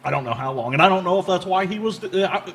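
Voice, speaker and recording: A man's voice: sits high, expressive, quick pace, a bit bright. A man, a podcast guest, telling a strange personal story in casual chat, rambling and repeating his words. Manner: rambling, repeats words, laughs at bizarre moments.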